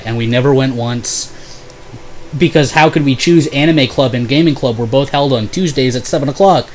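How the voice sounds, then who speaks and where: A man's voice: mid-range voice, a little mellow, slight background noise, rough recording. Sarcastic young man telling a story. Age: young adult. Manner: sarcastic, profane, quick mocking voices for others. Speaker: vlogger. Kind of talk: casual storytelling vlog.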